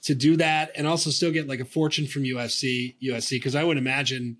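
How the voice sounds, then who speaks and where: A man's voice: mid-range voice, level tone, fast, a bit bright. A man co-hosting a casual sports talk show, conversational and opinionated, often restarting his sentences. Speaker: podcast co-host.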